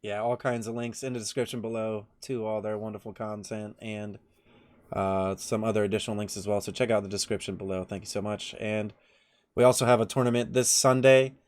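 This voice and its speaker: A man's voice: lowish voice, little pitch movement, a little fast. A man hosting a card game set review, talking in a friendly, promotional way. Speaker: host.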